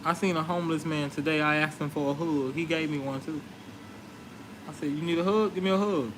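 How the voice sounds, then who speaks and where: A man's voice: fairly high pitch, a little fast, noisy background. A man telling street stories in a brash, confrontational, profane rant. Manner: brash, confrontational, animated retelling. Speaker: vlogger.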